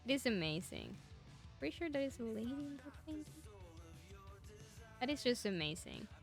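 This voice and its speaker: A woman's voice: fairly high pitch, a bit bright. A young woman with a Spanish accent, a native Spanish speaker, chatting casually and enthusiastically with her stream viewers. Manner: enthusiastic, rambling.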